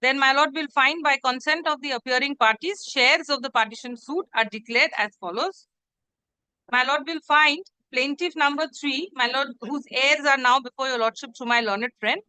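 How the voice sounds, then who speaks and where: A woman advocate pleads her case in court, her voice high and bright with a sharp edge. She is formal and deferential and keeps turning back to "my lord". The sound is close and dry. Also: normal speed, dry recording, rough recording. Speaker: advocate arguing before a judge. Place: courtroom hearing, live-streamed.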